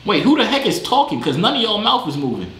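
A man jokes loudly with strangers on a video chat, his pitch bouncing all over and his tone bright and sharp. He talks in quick slang from his gaming room. The room sounds echoey, with a faint hiss behind him. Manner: loud, animated, joking, slangy. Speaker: vlogger chatting with strangers online.

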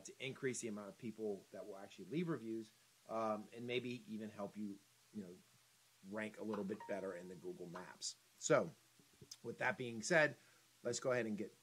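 A man with a fairly low voice walks viewers through a screen-share tutorial on business reviews. His delivery is relaxed and chatty, full of ums and restarts, like someone talking through the steps as he clicks. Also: rough recording. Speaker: business marketing instructor.

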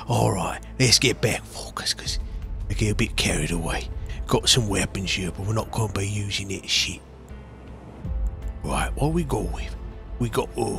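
A man with a croaky voice doing a put-on Cockney accent while giving cocky, swaggering, in-character gameplay commentary as a streamer. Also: on the low side. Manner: swaggering, cocky boxer bravado with frequent swearing. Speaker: gaming streamer. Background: game music.

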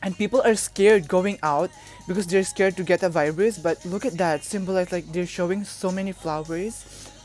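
A young woman from the Philippines talks through a music video reaction, gushing and emotional, exclaiming often. Her voice sits a little low for a woman. Faint music plays behind her. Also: normal speed, darkish tone.

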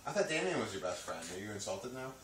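A bright, lively man hosting a loose chat with friends. His voice rises and falls a lot, and he laughs easily. He sits away from the mic in an echoey room. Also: lowish voice, fast talker, recorded from a distance, slight background noise. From New York. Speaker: host. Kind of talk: casual chat. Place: room in a house.

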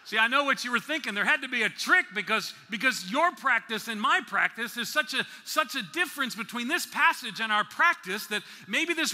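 A man from the New York City area preaching at a conference, slowing down to stress key words and dropping in playful asides. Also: sits high, sing-song, pushed and bright. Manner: slow deliberate emphasis, playful asides. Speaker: conference speaker. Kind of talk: sermon. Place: large conference hall. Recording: reverberant hall.

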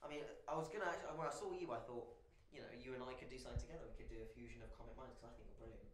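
A man's voice: medium pitch, fairly even intonation, very fast, echoey room, background noise. A man performing as a comedian in a scripted comedy sketch, flustered and stammering.

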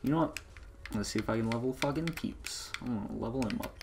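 A man giving casual, profanity-laden commentary while playing a video game, breaking into excitable outbursts. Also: mid-range voice, fast, gravelly, background noise. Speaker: let's play gamer.

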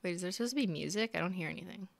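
A woman's voice: fairly low pitch, racing, vocal fry, no room sound. A young woman chatting casually with her viewers while live-streaming a game, giggly and talkative. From Canada. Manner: chatty, giggly, talks to chat.

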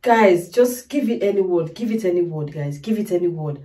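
A woman's voice: fairly low pitch, animated, normal speed, warm tone, far from the mic. Tearful, effusive woman vlogger. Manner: effusive, repeats exclamations, keeps calling viewers "guys". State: tearful, crying. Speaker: music reaction video host. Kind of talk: emotional reaction vlog.

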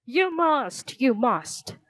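Woman reading hysterical man, theater owner, wailing, high-pitched, pleading, storybook, dry. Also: lively intonation, takes it slowly, no echo. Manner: wailing, frantic and dramatic.

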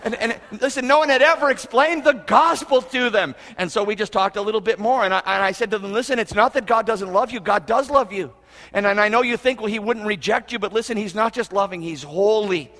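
Man, pastor, earnest sermon, repeats phrases, bright tone, long reverb. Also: high-pitched, fairly quick. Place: church auditorium. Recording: reverberant hall.

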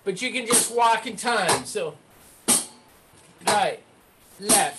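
A woman's voice: mid-range voice, expressive, slow, loud music behind the voice. A woman teaching a rhythm lesson, counting and chanting rhythm syllables in time while coaching her students. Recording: clear background noise.

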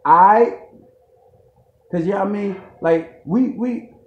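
Man doing a high-voiced streetwise guy milking fake tears in a parody rant, pleading and repetitive, recorded in an echoey room. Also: moderate pace, dark tone. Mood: indignant. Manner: slangy, repetitive, mock-emotional pleading. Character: fake-crying streetwise man, overwrought and defensive. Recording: echoey room, dull lo-fi sound.

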